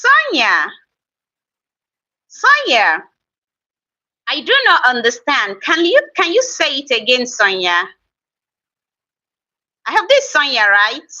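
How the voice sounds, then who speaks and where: A woman's voice: high voice, very animated, unhurried, pauses often, pushed and bright, distant mic. A woman with a Nigerian accent hosting a casual live stream, chatting with viewers and teasing them as she reads their comments aloud. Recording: slightly dull lo-fi stream audio.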